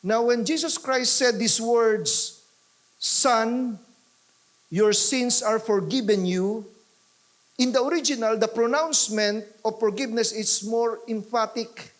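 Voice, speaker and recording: Filipino pastor, high register, emphatic repetition, church sermon. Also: male voice, a little slow. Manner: emphatic, repeats key lines, mixes in Tagalog.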